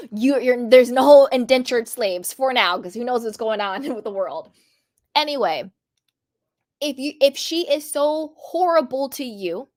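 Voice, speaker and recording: A sassy woman runs her reality TV commentary vlog, scolding and animated as she talks. Her voice sits a little high, and the sound is dry and close, with no room echo. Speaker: commentary host.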